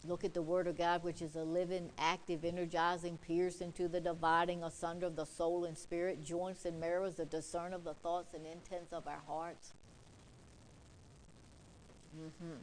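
A woman's voice: lowish voice, flat delivery, moderate pace, a little hiss or hum, poor audio. Woman, preacher, emphatic, repetitive, sermon, scripture quotes.

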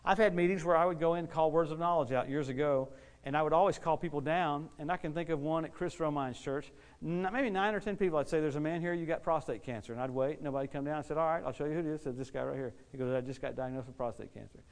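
A middle-aged male preacher rattles through stories at a quick clip, his voice sitting a little high for a man. He acts out the quotes and laughs along as he tells them. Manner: animated, quick storytelling with acted-out quotes and laughs. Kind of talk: storytelling sermon.

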